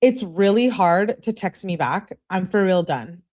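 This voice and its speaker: A woman voicing a jealous, demanding young woman in a whiny, high voice. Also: expressive, unhurried, a little mellow.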